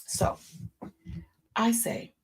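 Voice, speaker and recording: A woman in her fifties hosting a faith talk show, preaching in a casual, folksy way and dropping into hushed asides. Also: extremely slow. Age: 50s.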